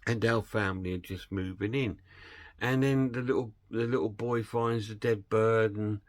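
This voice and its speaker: A man's voice: lowish voice, steady tone, normal speed, no room sound. A man casually retelling a film plot and reviewing it, rambling and hesitant with plenty of fillers.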